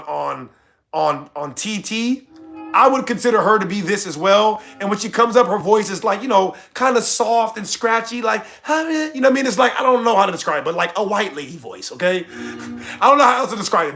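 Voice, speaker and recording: A young American man streaming casually, reading chat and ranting loudly with plenty of cussing. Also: high voice, brisk, vocal fry, soft background music. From United States. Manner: loud, animated, cussing rants. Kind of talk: casual livestream commentary.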